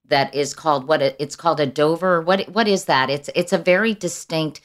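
Female interview host, very low voice, eager, halting delivery. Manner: enthusiastic, stumbling over her words. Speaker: talk show host. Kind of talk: casual interview chat.

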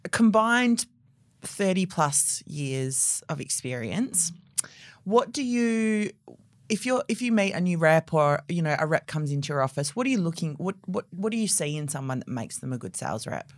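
A woman with a low voice hosts a podcast interview. She asks her questions conversationally, restarting as she goes. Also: animated, normal speed, no echo, studio quality. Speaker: podcast host.

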